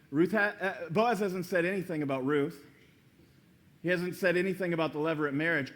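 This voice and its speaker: A man delivers a church sermon in a fairly high voice. He tells the story with energy, slipping into little acted voices for the people in it. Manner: animated storytelling, acting out quoted voices. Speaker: pastor.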